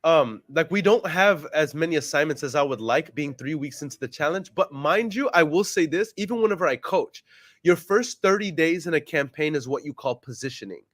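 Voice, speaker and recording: A man's voice: fairly high pitch, animated, a little fast, dry recording, clean studio sound. A man hosting a casual vlog, talking upbeat and polite on a sales call, then joking with a friend. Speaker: real estate investor and vlog host. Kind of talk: casual phone call and chat.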